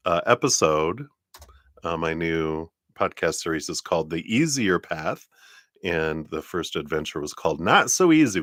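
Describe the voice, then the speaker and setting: A man's voice: deep voice, a bit bright, no room sound, studio quality. A man hosting a live tarot stream in a casual, chatty way, with many fillers and frequent laughs.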